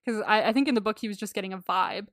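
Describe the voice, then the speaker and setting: A woman's voice: medium pitch, rapid-fire, no room sound, studio quality. A woman co-hosting a podcast, chatting and rambling as she recaps a film. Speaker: podcast co-host. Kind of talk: casual chat recapping a film.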